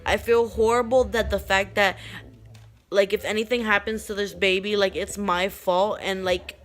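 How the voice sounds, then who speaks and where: A woman's voice: mid-range voice, fairly even intonation, moderate pace. A young woman telling a personal story to the camera in a rambling, emotional way, raising her voice when she quotes others. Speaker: vlogger.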